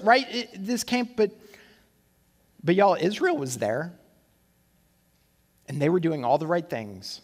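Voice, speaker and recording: High-voiced preacher in an echoing hall. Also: male voice, slow pace, long pauses. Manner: conversational and animated, with rhetorical questions. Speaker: pastor. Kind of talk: sermon. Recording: long hall reverb.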